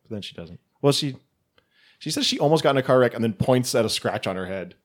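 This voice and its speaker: A man's voice: medium pitch, expressive, fast talker. A man on a casual podcast recapping a film plot, rambling with lots of fillers. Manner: rambling, filler-heavy, laughs often.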